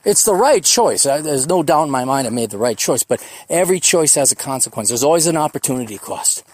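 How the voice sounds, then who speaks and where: A man's voice: mid-range voice, lively intonation. A man in his forties hosting a solo podcast, rambling in a profane, reflective way. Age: 40s. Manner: rambling, profane, reflective, mocks others in quick put-on voices. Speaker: podcast host.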